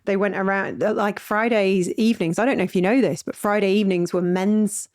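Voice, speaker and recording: Woman hosting a podcast, bubbly and teasing, laughs loads, middle pitched voice. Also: fairly even intonation, brisk, a little mellow. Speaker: podcast host. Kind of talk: casual podcast chat.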